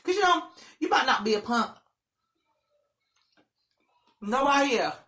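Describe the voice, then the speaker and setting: A woman vlogger telling a story in a loud, animated, dramatic way. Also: sits high, measured pace. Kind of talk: casual storytelling.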